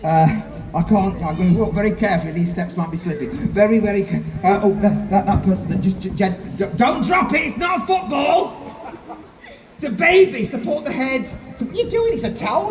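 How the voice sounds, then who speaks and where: Brash, shouty stage magician man. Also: very high voice, roomy sound. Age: 50s. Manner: brash, shouty, self-mocking. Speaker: magician and ventriloquist. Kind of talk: live comedy stage patter. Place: live stage show.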